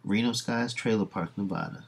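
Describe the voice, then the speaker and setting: A man reading the lines of a young half-alien woman, low and matter-of-fact. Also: normal speed, breathy edge.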